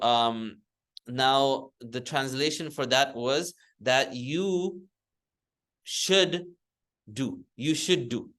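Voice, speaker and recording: A man's voice: mid-range voice, fairly bright tone. A man teaching an Arabic grammar class in a classroom, explaining step by step, often correcting himself and chanting word forms for students to repeat. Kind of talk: classroom lesson.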